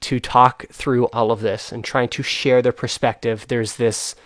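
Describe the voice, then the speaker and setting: A man's voice: medium pitch, little pitch movement, unhurried, a bit bright, dry recording, studio quality. A young man hosting a casual talk, earnest and frustrated, with many fillers and restarts. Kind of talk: casual chat.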